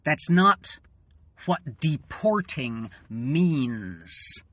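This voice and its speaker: A man in an angry, swearing political rant, tired and fuming, halting and then bursting out loud. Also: a little high, expressive, no room sound. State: weary and fuming. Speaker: channel host.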